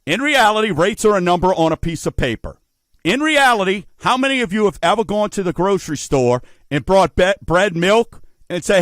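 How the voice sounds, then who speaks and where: A man's voice: high-pitched, animated, a little fast, a bit bright, no echo. A middle-aged man hosting a radio talk show about mortgages, folksy and emphatic, asking rhetorical questions. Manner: folksy, addresses listeners as folks.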